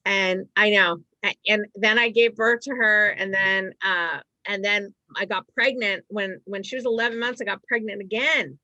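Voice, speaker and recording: A middle-aged woman from Massachusetts, a stand-up comedian telling rambling stories with quick asides in a casual chat. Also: mid-range voice, fairly even intonation, bright, forceful tone, no echo. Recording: dry, slightly dull sound.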